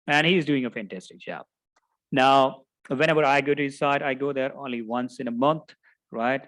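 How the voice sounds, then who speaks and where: A middle-aged man teaching a class in an anecdotal lecture style, checking in with his listeners by adding "right?" again and again. His voice sits at an ordinary middle pitch. It is recorded dry and close, with no room echo. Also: normal speed, fairly bright tone. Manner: anecdotal, tags sentences with "right?". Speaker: project management instructor. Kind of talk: storytelling lecture.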